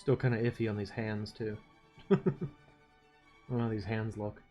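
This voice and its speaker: A man's voice: on the low side, flat delivery, normal speed, warm tone, soft background music. Laid-back man chatting while drawing. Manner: rambling, laid-back, chuckling to himself. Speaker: streamer. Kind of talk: casual chat while drawing.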